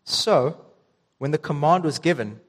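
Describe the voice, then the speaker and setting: A man's voice: fairly high pitch, expressive, unhurried. Young man preaching in a reverberant hall. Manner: casual storytelling with ums and restarts. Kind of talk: sermon.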